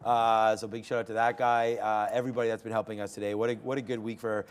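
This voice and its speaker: A man's voice: on the low side, little pitch movement, fast, clear, resonant tone. A man hosting a live day trading show from a studio trading floor, chatting casually about trades with loose fillers. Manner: loose and laughing, lots of fillers.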